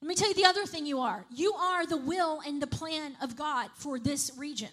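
Brief: woman preacher, high voice, chatty sermon delivery that keeps asking "right?". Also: fairly quick, a bit bright. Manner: conversational, repeats "right?" and "okay?" to the congregation.

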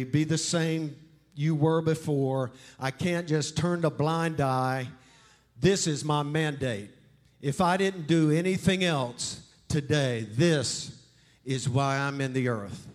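A male preacher voicing a calm, authoritative man declaring his mission. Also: fairly high pitch. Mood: firm. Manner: firm, measured, declaring. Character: calm authoritative male teacher commanding demons.

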